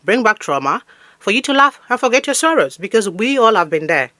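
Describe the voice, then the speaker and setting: A woman's voice: a little high, sing-song, fairly quick, bright, forceful tone, no room sound, clean studio sound. A woman from Africa, hosting a comedic podcast monologue in a scolding, preachy tone. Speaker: podcast host.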